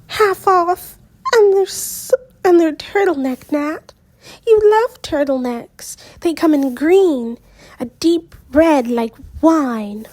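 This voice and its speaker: A woman's voice: sits high, expressive, unhurried, mellow, voice pushed up. A woman voicing Meredith, a chatty, upbeat teenage girl who gushes eagerly to her friend in a storybook reading. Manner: gushing, eager.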